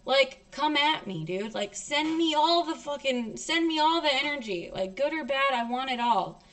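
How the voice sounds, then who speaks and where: A woman's voice: high voice, lively intonation, moderate pace, fairly bright tone. Profane, emphatic woman telling a personal story. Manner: blunt, heavily profane, emotional and emphatic. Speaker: streamer.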